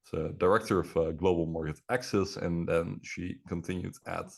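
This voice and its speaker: A man with a very deep voice chats casually as a co-host over a video call. His delivery is sarcastic and joking, with frequent fillers. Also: fairly even intonation, normal speed, vocal fry, darkish tone, slightly rough. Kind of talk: casual podcast chat. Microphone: computer mic on a video call.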